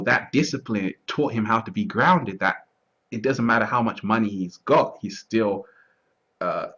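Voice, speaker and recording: A man talking through his thoughts in a relaxed, reflective conversation, often restarting and asking whether he is understood. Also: on the low side, husky. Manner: repeats words, restarts often, asks "you see what I'm trying to say". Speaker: interview guest. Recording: dull lo-fi audio.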